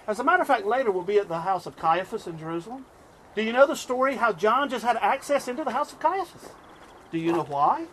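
A middle-aged man from the US East Coast preaching a sermon, telling stories in an animated way and chuckling often. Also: very high-pitched, slight background noise.

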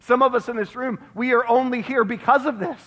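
A male pastor delivering an emphatic sermon, repeating phrases and dropping to a hush on key words, recorded in a church sanctuary. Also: very high-pitched, fairly even intonation, brisk. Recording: long reverb of a church hall.

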